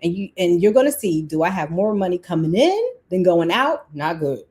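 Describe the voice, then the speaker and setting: A woman, hosting a casual live-stream budgeting talk, chatty and quick to laugh, breaking off her own sentences. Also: fairly low pitch, sing-song, a little mellow. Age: 40s. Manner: chatty, laughs often, self-interrupting. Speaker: livestream host.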